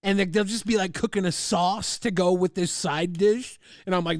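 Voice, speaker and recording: A male streamer talking casually over a trailer, excitable and profane, laughing at his own jokes. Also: sits high, moderate pace, few pauses, dry recording, clean studio sound. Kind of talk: casual livestream commentary.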